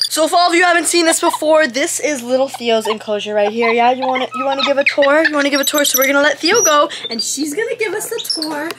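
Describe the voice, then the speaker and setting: A woman's voice: high voice, fast talker, few pauses. A young woman vlogging outdoors with her pet monkeys, gushing, squealing and using baby talk with the animals. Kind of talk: excited vlog narration. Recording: loud background noise.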